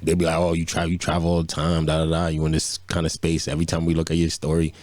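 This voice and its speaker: A man with a very deep, low voice talks fast and freely as a podcast co-host. His stories run loose and profane in a casual back-and-forth. The sound is dry and close. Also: completely flat delivery, a little mellow, no room sound. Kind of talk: casual chat.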